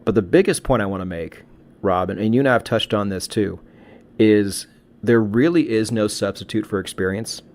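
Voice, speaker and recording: A man's voice: fairly low pitch, moderate pace, darkish tone. A middle-aged man co-hosting a casual podcast conversation, talking reflectively and giving advice with frequent restarts. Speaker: podcast co-host.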